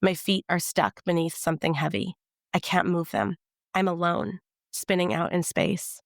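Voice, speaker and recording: A woman reading her novel aloud in the first person, in a measured, tense storytelling manner. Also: lowish voice, lively intonation, gravelly, no room sound, studio quality.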